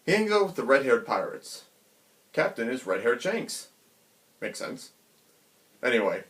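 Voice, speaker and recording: A man casually retelling a comic chapter in an animated, chatty way, acting out the characters' quotes. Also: medium pitch, moderate pace, pauses often. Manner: animated, chatty, many fillers. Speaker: manga reviewer.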